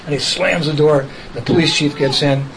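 A man telling a personal story in a casual, lively way, laughing as he goes and acting out other people's voices. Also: a little high, moderate pace, vocal fry, a little hiss or hum, poor audio. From United States.

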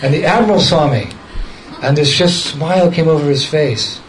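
A man's voice: on the high side, normal speed, a little hiss or hum, low-quality recording. A man casually telling a story from his past, often chuckling and quoting the people in it directly. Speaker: devotee recounting a memory.

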